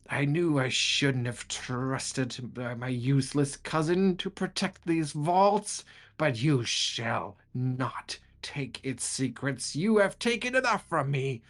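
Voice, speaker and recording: Man doing a raging female ghost for a tabletop game, high, shrill, shrieking accusations. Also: lively intonation, takes it slowly, fairly bright tone, heavily acted. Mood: enraged. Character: furious vengeful female ghost noblewoman. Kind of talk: tabletop game role-play.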